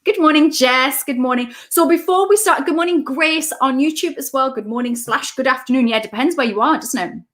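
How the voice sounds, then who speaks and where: A woman's voice: high voice, a little fast, hardly any pauses, a bit bright. A woman, a coach hosting a casual live stream from home, chatting as she greets viewers by name and reads out their comments.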